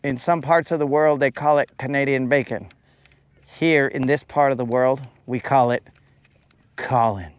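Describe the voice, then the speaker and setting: A man's voice: mid-range voice, a little slow, clear, resonant tone, no room sound. A young man casually talking to viewers while fishing, joking around in playful, slangy banter. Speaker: fishing vlogger.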